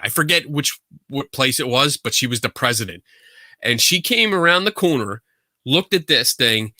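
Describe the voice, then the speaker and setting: A man hosting a podcast, telling a story in a casual, animated, rambling way from a home setup. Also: mid-range voice, no echo, clean studio sound. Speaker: podcast host. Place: home setup for a virtual show.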